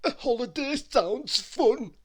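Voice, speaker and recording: A man's voice: extremely high pitch, expressive, takes it slowly, breathy edge, pitched above the performer's own voice, full character voice. A man voicing a greedy, food-obsessed man musing to himself in a storybook reading.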